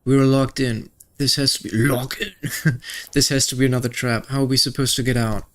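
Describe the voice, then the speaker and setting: A man's voice: mid-range voice, fairly even intonation, normal speed. A young man chatting casually and joking while playing a game, reading its dialogue aloud. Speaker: gaming video creator.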